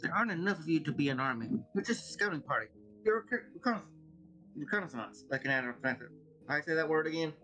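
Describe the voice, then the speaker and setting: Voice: medium pitch, expressive, fast talker, sharp tone, soft background music, poor audio. A streamer casually speaking a game character's lines, thinking aloud and tripping over words. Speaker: player choosing dialogue. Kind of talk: role-playing dialogue on a game stream.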